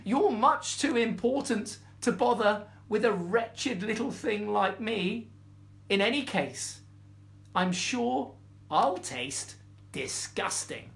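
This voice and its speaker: A man's voice: sits high, expressive, takes it slowly, creaky, a bit bright, pitched above the performer's own voice, full character voice. A man voicing a tiny, timid male mouse who pleads frantically in a bedtime storybook reading. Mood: pleading.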